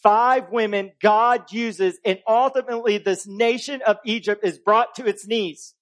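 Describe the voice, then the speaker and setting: High-voiced man preaching a sermon. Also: steady tone, a little slow. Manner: conversational preaching, swings between loud and hushed. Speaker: pastor.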